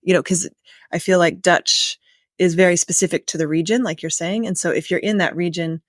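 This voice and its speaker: American woman hosting a relaxed podcast chat. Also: lowish voice, a little fast, no room sound, studio quality. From United States. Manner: thoughtful, asks long musing questions. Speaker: podcast host. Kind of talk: casual interview chat.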